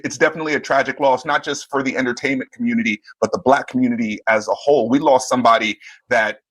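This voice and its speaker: A man speaking earnestly as a guest on a panel discussion, reflective and halting at times. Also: medium pitch, a bit bright, breathy edge.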